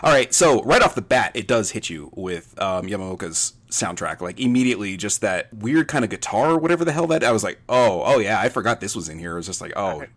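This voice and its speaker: Fast-talking animated man, low voice. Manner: animated, joking recap of a film. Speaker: podcast host. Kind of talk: casual podcast chat.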